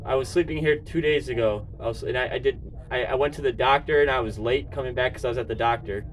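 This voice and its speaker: A man filming himself at a shelter door, speaking haltingly and repeating words, then venting with growing agitation. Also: medium pitch, a little hiss or hum. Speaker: person seeking shelter. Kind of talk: filmed confrontation and venting.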